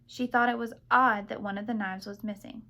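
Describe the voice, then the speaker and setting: Hey, woman narrating a novel, calm steady read. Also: medium pitch, a little fast, vocal fry. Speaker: audiobook narrator. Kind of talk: audiobook narration.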